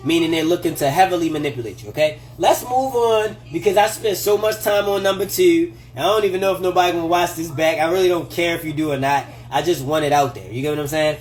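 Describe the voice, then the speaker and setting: Talking at a quick pace with hardly any pauses, and some slight background noise, a high-voiced man livestreams relationship advice from his home kitchen. The casual talk is animated and profane, and he laughs often while acting out quoted voices.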